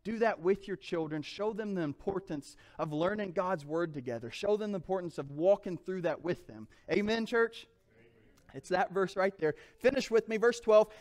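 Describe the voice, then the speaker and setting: A man's voice: sits high, moderate pace, darkish tone. A man preaching a sermon as pastor, reading scripture and calling out to the congregation. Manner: emphatic, calls out to the congregation.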